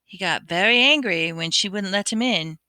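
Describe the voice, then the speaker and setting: A woman's voice: medium pitch, moderate pace, sharp tone, dry recording, close to an everyday voice. A woman voicing a gleeful male poltergeist with an oily, cackling manner, reading a storybook aloud.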